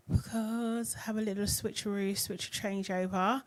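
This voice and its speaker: A woman's voice: mid-range voice, steady tone, slow, hardly any pauses. A young woman hosting a casual live recap, chatty and giggly, reading viewer comments aloud. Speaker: live-stream host.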